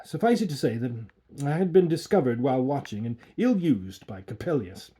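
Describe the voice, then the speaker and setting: A man reading a classic horror tale aloud with an expressive, theatrical delivery. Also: medium pitch, a little fast.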